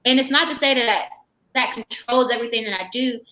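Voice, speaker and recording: A woman with a bright, forceful voice speaks openly on a panel. She talks with emphasis and laughs between her points. Her pitch is middling. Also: quick pace, rough recording. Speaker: panel guest. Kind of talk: casual panel discussion.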